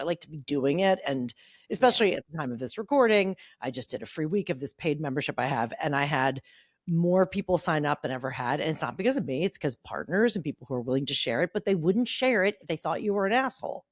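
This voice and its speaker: A woman who runs a business, chatting casually with friends, animated and emphatic, repeating herself for stress. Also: sits low, fast talker, dry recording, studio quality. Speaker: business owner, podcast co-host. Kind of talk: casual chat among friends.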